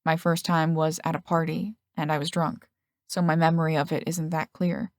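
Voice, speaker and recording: A woman's voice: low-pitched, little pitch movement, normal speed, no room sound, studio quality, lightly acted. A woman voicing an earnest, slightly hesitant young man in an audiobook.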